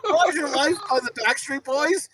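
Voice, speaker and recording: A man's voice: extremely high pitch, moderate pace, background noise. A man co-hosting a podcast, telling rambling stories and teasing his friends with crude, profane jokes. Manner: rambling storyteller. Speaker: podcast co-host. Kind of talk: casual chat.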